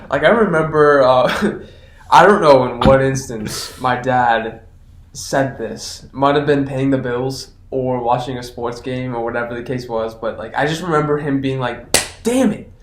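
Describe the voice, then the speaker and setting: Brief: young male co-host, mid-pitched, inquisitive and chatty, echoey room. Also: a little slow, a little hiss or hum. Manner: curious, chatty, asks many questions. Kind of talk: casual chat. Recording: roomy echo.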